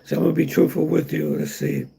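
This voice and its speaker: Man, middle-aged, livestream host, casual chat, rambling, gravelly, raspy. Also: a little high, flat delivery, quick pace, mellow. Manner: rambling, repeats himself, answers chat comments.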